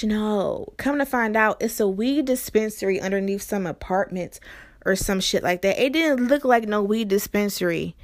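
A young woman vlogger telling a story in a casual, profane and animated way, with an exasperated edge. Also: mid-range voice.

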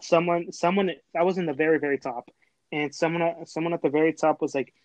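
Rambling young man, fairly high voice. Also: fairly even intonation, fairly quick, dry recording, poor audio. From Texas. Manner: rambling storyteller, full of fillers and restarts. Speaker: host. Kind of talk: casual chat.

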